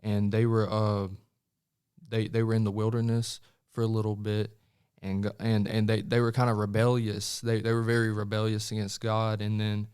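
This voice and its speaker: Hesitant young man, flat resonant voice. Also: lowish voice, moderate pace, smooth. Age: young adult. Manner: hesitant, many restarts and "uh"s. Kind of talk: casual podcast discussion.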